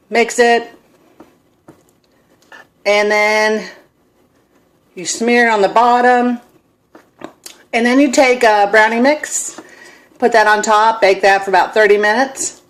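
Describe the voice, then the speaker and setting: A middle-aged woman in her home kitchen, recording a casual cooking vlog on her phone and wandering into self-deprecating stories. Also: on the high side. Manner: rambling, self-deprecating storyteller. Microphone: phone camera.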